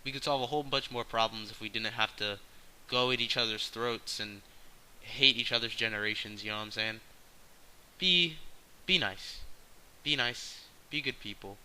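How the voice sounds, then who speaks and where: Loud and excited early on, then settling into a calmer, lower delivery, a male vlogger gives his camera a casual, blunt rant full of slang and swearing. His tone is clean, but the recording is rough.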